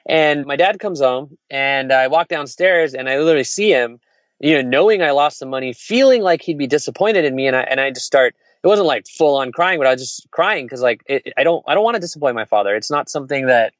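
A man's voice: medium pitch, lively intonation, fairly quick, no echo. A man, an entrepreneur, telling a personal story in casual conversation, rambling and candid. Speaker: entrepreneur sharing stories. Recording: dull, lo-fi sound.

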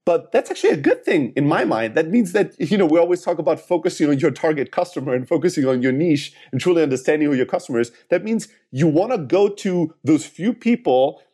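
A man with a slightly raised pitch, speaking as a guest on a podcast. He gives earnest sales advice, walking through each point step by step. He often checks in with the listener through short tag questions. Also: lively intonation, quick pace, hardly any pauses, mellow, breathy edge. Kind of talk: casual advice in a podcast interview.

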